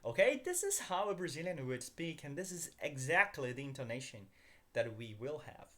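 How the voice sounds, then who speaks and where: A man's voice: a little high, big pitch swings, normal speed, fairly bright tone. Upbeat male language teacher. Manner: upbeat, addresses viewers as guys, asks them to repeat. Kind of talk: language lesson.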